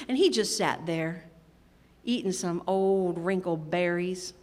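A woman telling a fable to a live audience of children in an animated, rhythmic way. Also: on the low side, takes it slowly. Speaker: storyteller. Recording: live hall with long reverb.

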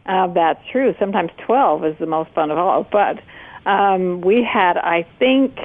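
A woman's voice: on the low side, creaky. A woman co-hosting a radio talk show, chatting with enthusiasm and easy laughter. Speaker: radio co-host. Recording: phone-like lo-fi radio audio.

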